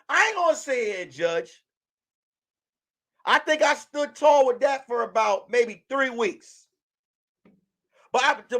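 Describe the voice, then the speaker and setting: A man's voice: extremely high pitch, fairly bright tone. A man hosting a casual livestream commentary, joking and acting out quotes in mock voices. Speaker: livestream host.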